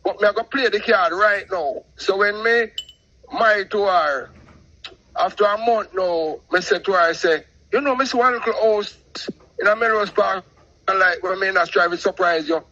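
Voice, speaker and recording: Animated Jamaican man in patois. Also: high-pitched, normal speed, highs cut off. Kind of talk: casual storytelling on a call-in show.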